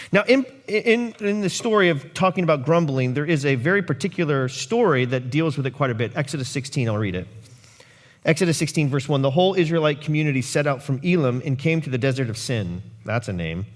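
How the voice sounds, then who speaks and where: Animated male pastor preaching. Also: a little high, brisk. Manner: animated, jokey asides and voiced quotes. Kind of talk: sermon.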